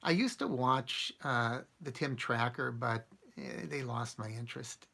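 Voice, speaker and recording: A man's voice: medium pitch, a little slow, gravelly, sharp tone. A man hosting a casual live stream, rambling and chuckling as he answers comments from his viewers. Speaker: channel host answering live chat.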